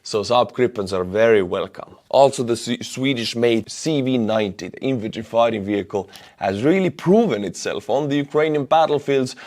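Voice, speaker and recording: A man's voice: medium pitch, normal speed, darkish tone. A man, giving blunt, emphatic solo commentary on war news and pushing into indignant outbursts. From Estonia.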